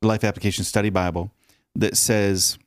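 A man's voice: fairly low pitch, little pitch movement, fairly quick, dry recording, clean studio sound. A man casually explaining a Bible passage to his co-host. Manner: explanatory, with short agreeing backchannels. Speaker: podcast co-host.

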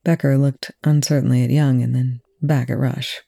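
A reader narrating a fan fiction chapter aloud in an even, unhurried way. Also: medium pitch, gravelly, no echo, studio quality. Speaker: audiobook reader.

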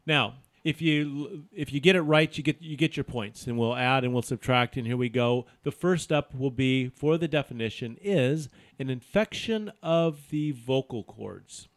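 A man's voice: mid-range voice, moderate pace, hardly any pauses. A man hosting a casual word game with friends, reading out clues in a teasing, upbeat way. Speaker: game host.

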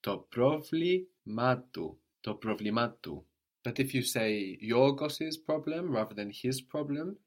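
A man's voice: medium pitch, lively intonation, measured pace. A man teaching a language lesson, explaining points patiently and modeling phrases for a student to repeat.

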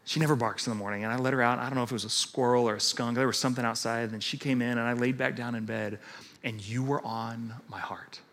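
A man preaching a sermon in a conversational, animated way, acting out the voices of people he quotes. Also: medium pitch. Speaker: pastor.

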